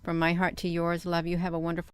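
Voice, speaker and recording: Woman vlogger with a deep, resonant voice, talking earnestly and folksily and circling back to the same points. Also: monotone, fast talker, smooth, no echo. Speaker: channel host. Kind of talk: casual vlog monologue.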